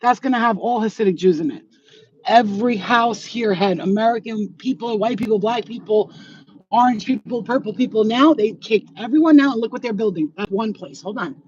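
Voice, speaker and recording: A woman's voice: a little high, moderate pace, darkish tone, highs cut off, slight background noise. A woman who works as a psychic medium, walking her neighborhood and ranting bluntly with plenty of swearing into a handheld phone. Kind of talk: ranting vlog. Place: outdoors in a residential neighborhood.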